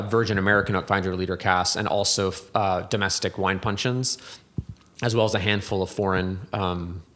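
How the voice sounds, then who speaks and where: A man's voice: sits low, a bit bright. A man who works as a whiskey distiller and blender, talking in a podcast interview in a thoughtful, rambling way, with many restarts and fillers and a reflective, poetic turn.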